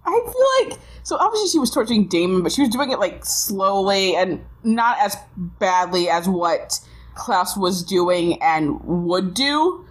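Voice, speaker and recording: A woman's voice: medium pitch, very animated, a little slow, low-quality recording. A woman co-hosting a podcast, chatting casually with wry jokes and frequent laughter. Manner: joking, wry asides, laughs a lot. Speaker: podcast co-host. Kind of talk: casual chat.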